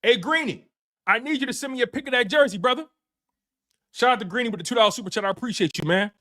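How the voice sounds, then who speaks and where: Hosting a sports show, a man launches into an excited live post-game rant, laughing, repeating phrases and using slang. He has a Philadelphia accent, an extremely high pitch, and talks fast.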